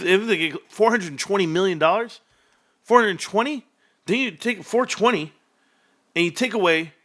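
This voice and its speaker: Male livestream host, fairly high-pitched, exclamatory and excitable, talks straight to viewers. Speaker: stock streamer.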